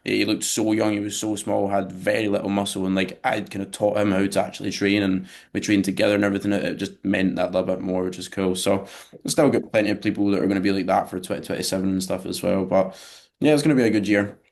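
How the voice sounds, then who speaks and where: A man's voice: fairly low pitch, level tone, quick pace, vocal fry, darkish tone. A man co-hosting a podcast as a physique coach, talking conversationally with casual swearing. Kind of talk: casual chat.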